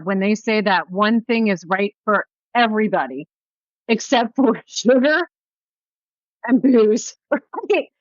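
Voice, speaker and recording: A woman hosting a podcast interview, talking in an animated, rambling way with casual swearing. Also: medium pitch, dry recording. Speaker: podcast host. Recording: dull lo-fi audio.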